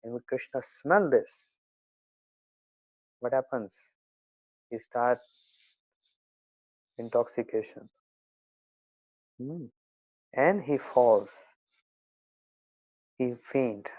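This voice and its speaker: Male monk preacher, slow deliberate sermon in halting English, thin phone-quality audio. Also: medium pitch, a little mellow, no room sound. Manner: non-native English, halting with fillers, breaks into slow devotional singing. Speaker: monk giving a spiritual talk. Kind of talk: devotional sermon with sung passages.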